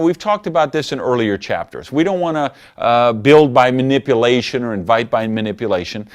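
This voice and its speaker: A mid-range male voice leads a recorded training lesson on network marketing. He coaches with animation and acts out phone calls.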